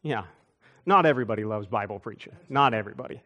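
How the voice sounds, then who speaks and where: A man preaching a sermon, telling church stories with quick asides and chuckles. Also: fairly low pitch, highs cut off. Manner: animated storytelling with asides and chuckles. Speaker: pastor. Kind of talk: storytelling sermon.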